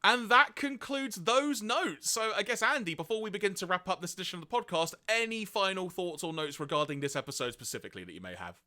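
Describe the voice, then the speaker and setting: A man's voice: high voice, quick pace, few pauses, bright, forceful tone. A man co-hosting a casual podcast, reading out notes on an episode and laughing often. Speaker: podcast co-host.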